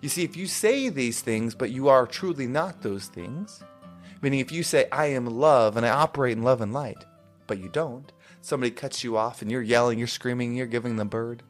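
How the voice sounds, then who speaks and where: A man's voice: medium pitch, normal speed. A man hosting a motivational podcast, speaking in an earnest, emphatic and repetitive way. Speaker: podcast host. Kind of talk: motivational monologue. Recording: faint music underneath.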